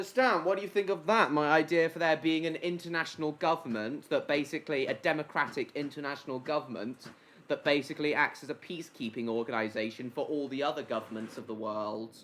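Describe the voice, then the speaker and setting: A man hosting a casual live stream, his voice at an ordinary middle pitch. He rambles through his ideas with lots of basically and reckon, breaking off mid-sentence to greet and answer viewers by name. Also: fairly bright tone, a little hiss or hum.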